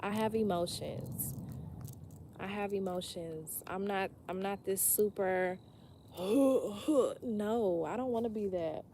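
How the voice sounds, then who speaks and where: Brief: woman tarot reader, unhurried delivery, frank and cussing, hammers points by repeating them, faint background hum. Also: on the low side, darkish tone, rough recording. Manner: blunt, profane and emphatic, talking straight to the viewer; repeats phrases for emphasis. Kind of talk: casual weekly tarot reading.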